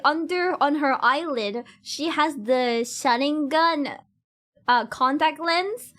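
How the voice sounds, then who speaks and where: A woman's voice: sits high, a bit bright. A young woman streaming, rambling and giggling as she chats with her viewers. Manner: rambling, giggly, many fillers; talks straight to chat. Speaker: cosplay streamer. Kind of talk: casual chat with stream viewers.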